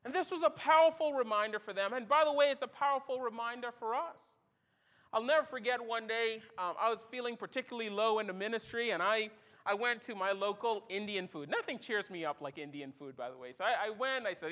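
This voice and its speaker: A man's voice: sits high, brisk. A middle-aged man preaching a sermon as a pastor, telling stories and acting out the quoted voices in them. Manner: animated storytelling, acts out quoted voices.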